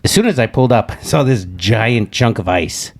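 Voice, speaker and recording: A man's voice: medium pitch, animated, normal speed. A man co-hosting a casual comedy podcast, telling a rambling story and acting out the voices of the people in it. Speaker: podcast co-host.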